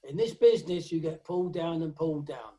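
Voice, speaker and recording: A man's voice: fairly high pitch, expressive, fairly quick, dark tone, soft background music. A man talking as a guest drummer on a video call, giving blunt, emphatic advice and singing drum patterns aloud. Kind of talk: lockdown video call interview.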